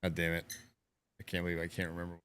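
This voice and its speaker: Bright, laughing man hosting casual chat. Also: deep voice, monotone, fast, clear, resonant tone. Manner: laughs often, rambling. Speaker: host.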